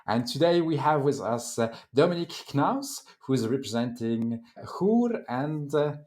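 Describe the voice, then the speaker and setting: A man with a French accent hosting an online panel, introducing guests with lively, filler-laden delivery. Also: medium pitch, unhurried. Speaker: host and moderator.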